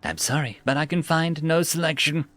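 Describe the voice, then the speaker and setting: A man's voice: fairly high pitch, moderate pace, a bit bright, no echo, faint music behind, natural voice. A man voicing a smug, overly polite food-dispenser machine reading out menu choices and warnings. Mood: formal. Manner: prim, overly polite, scripted customer-service tone.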